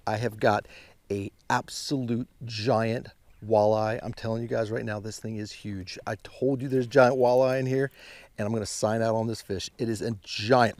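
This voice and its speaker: A man giving excited fishing commentary from a boat on a mountain lake, exclaiming often and calling out to viewers as guys. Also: mid-range voice, dry recording. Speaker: fishing vlogger.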